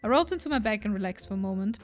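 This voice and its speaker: A woman's voice: mid-range voice, lively intonation, very fast, soft background music. A young woman streamer reading a dating game aloud, with playful, joking asides.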